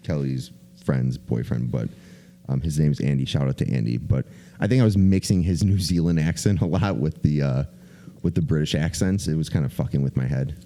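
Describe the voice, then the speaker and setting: Man, low pitch, mellow tone, casual podcast chat, rambling, profane. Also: brisk. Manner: rambling animated storytelling, swears a lot. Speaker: podcast co-host.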